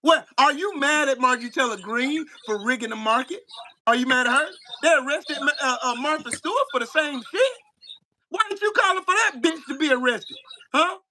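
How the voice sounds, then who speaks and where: A man with a high, very bright voice delivers a profane, taunting rant on his live stream. He trash-talks a viewer relentlessly from his home setup. A faint hiss sits under the voice. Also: animated, brisk.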